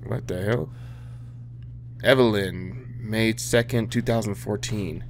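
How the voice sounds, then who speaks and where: A man's voice: fairly low pitch, slow, vocal fry, slight background noise. A man playing a horror video game, joking, swearing and talking back at the characters as he explores. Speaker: gamer. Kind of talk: let's play commentary.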